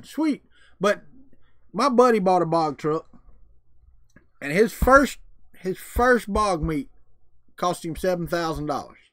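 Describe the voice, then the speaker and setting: Casual chat with live viewers comes from a man whose voice sits a little high, hosting a livestream in a folksy, jokey drawl with a Southern US accent. The sound is clean studio audio without any room sound.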